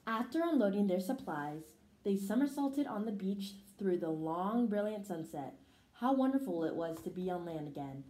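A woman reading a children's picture book aloud in an expressive storytelling manner. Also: medium pitch, normal speed. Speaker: storybook reader. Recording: roomy echo.

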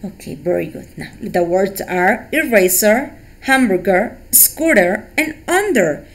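Female English teacher, slow patient delivery, animated. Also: medium pitch. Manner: slow, encouraging, repeats words for pupils. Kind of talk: online class instruction.

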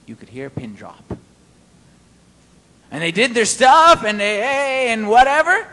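High-voiced guy preaching, playful, asks the crowd stuff, long church echo. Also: measured pace. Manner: animated, playful, quizzes the audience. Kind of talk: sermon, Bible study.

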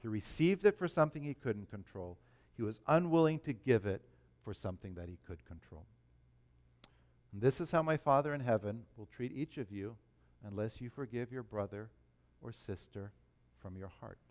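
A pastor preaching a sermon in a church, talking in an animated, emphatic way. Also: male voice, medium pitch, moderate pace. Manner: animated, emphatic, rising to stress points.

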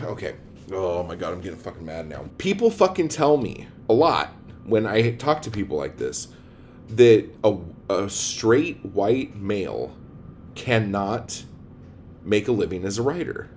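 A blunt, foul-mouthed man ranting straight to his audience about writing and publishing. His pitch leaps around constantly, from grumbling low asides up to loud, exasperated outbursts. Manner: profane, blunt, heated ranting; swings between low mutters and loud outbursts. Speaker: poet and writing coach. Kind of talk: ranting video monologue.

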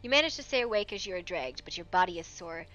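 A woman acting as game master, narrating a horror tabletop scene on a live stream in a hushed, hesitant way with frequent ums. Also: lowish voice, expressive, fast talker, soft background music.

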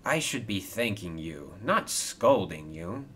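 A man's voice: low-pitched, big pitch swings, slow, fairly bright tone, breathy edge, heavily acted. A man doing a stern crane boss. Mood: calm. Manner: firm, scolding, exasperated. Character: stern hardworking male crane boss, gruff but fair. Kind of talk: toy train storybook video.

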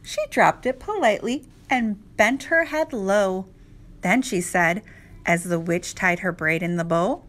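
A woman teacher reading a rhyming picture book aloud to children, slow and expressive. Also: medium pitch. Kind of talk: children's read-aloud narration.

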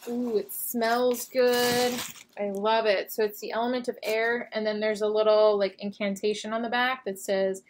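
An American woman hosts a casual unboxing video, speaking at a moderate pace in a fairly high voice with fairly even intonation. She gushes over each item she examines, chatty and full of fillers.

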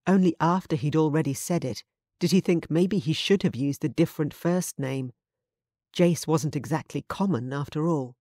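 A woman's voice: sits low, normal speed, warm tone, dry recording. Woman narrating an audiobook, dry studio. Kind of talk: scripted narration.

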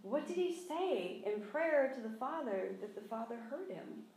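High-voiced woman preaching in an echoey church. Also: normal speed. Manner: animated, acts out dialogue with laughter. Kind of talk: teaching sermon. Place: church sanctuary. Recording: echoey room.

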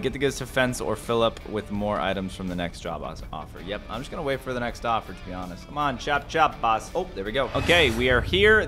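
An excitable man gives running commentary as he plays, chatting to his viewers in a voice that leaps up and down. He talks from his desk, breaks into sudden yelps now and then, and has soft music playing behind him. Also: fairly low pitch. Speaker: gaming video creator. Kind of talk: live gameplay commentary.

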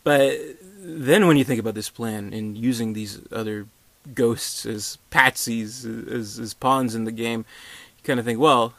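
A man's voice: medium pitch, unhurried, a bit bright, no echo. A man giving a casual, rambling movie review, full of fillers, restarts and dry sarcastic asides.

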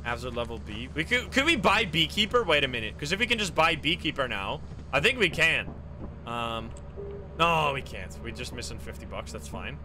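A man streaming a co-op game with friends, chatting casually, swearing and exclaiming when things go wrong, then dropping to low mutters. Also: big pitch swings, normal speed, over music. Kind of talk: casual live game chat. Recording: noisy live stream audio.

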